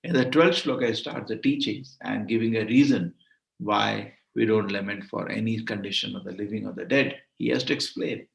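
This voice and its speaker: Over a video call, a man leads a devotional Bible study with emphatic delivery, restating phrases to underline them. He speaks at normal speed in a lowish, creaky voice, and the audio carries a roomy echo.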